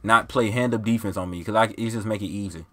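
A man's voice: lowish voice, fast talker, slight background noise. A man hosting a gaming video, trash-talking and getting exasperated in slangy casual chat with an opponent over a headset mic. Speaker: gaming channel host.

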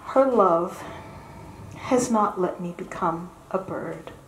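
A woman singer introducing a folk song on stage, telling its sad story gently and unhurriedly. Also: lowish voice, takes it slowly, a little hiss or hum. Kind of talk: slow spoken song introduction at a concert. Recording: echoey hall with faint music.

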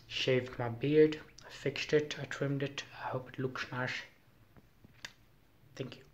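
This young film student's casual vlog follows him around a city, often outside on the streets, as he rambles into a handheld camera with fillers and restarts. His mid-range, steady voice takes it slowly, with a little hiss or hum in the recording.

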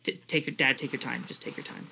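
A man's voice: medium pitch, steady tone, fast talker, creaky, bright, forceful tone, slight background noise. A young adult man coaching his father through a video game with short, patient instructions. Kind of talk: casual gaming coaching.

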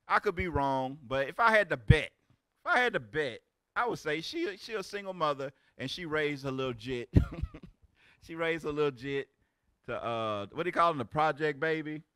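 A man in his forties, a religious teacher giving loud, exclamatory preaching commentary in casual street talk. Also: fairly high pitch, animated, moderate pace, clear, resonant tone, no echo. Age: 40s. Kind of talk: animated preaching commentary on videos.

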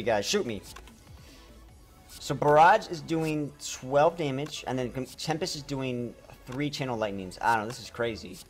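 A man streaming gameplay live, chatting to viewers excitedly and tripping over his words as he plays. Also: medium pitch. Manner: excitable, talks to chat, trips over words. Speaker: game streamer.

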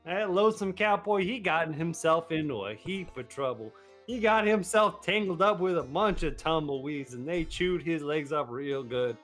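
High-voiced man in a put-on cowboy drawl. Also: moderate pace, a bit bright, soft background music. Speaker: game streamer. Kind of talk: casual live-stream chat.

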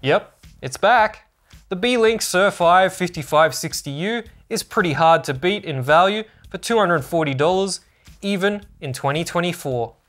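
A man's voice: sits high, lively intonation, normal speed, fairly bright tone. A man narrating a scripted product review as a tech channel host, upbeat and informative.

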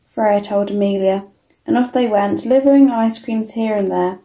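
A woman reading a children's storybook aloud in a steady read-aloud manner. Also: mid-range voice, normal speed. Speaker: storybook reader. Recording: echoey room.

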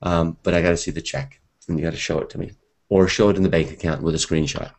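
A man's voice: low-pitched, fairly even intonation, fast. A man teaching a live seminar, talking energetically and conversationally and speaking directly to his audience.

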